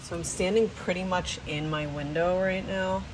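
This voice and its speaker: Cooking in a small apartment kitchen, a woman vlogger talks casually to the camera at a moderate pace, her voice on the low side. There's background noise, and she comes across as relaxed, thinking aloud and wandering from one thought to the next.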